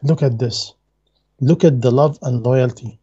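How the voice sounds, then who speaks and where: A man's voice: mid-range voice, measured pace, warm tone, slightly rough, lo-fi sound. A man giving a religious lecture in non-native English, earnest and emphatic, repeating his key phrases. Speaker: Islamic lecturer.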